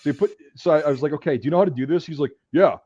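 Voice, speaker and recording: A man telling profane army stories in casual chat, acting out the yelling. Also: on the high side, racing, breathy edge, muffled recording. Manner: profane, animated storytelling, acts out yelling. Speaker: podcast host, veteran telling army stories.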